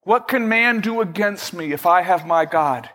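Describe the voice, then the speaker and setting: A man preaching a sermon as pastor, measured and emphatic, slowing down for prayerful quotes. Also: sits high, lively intonation, fairly bright tone. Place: church sanctuary.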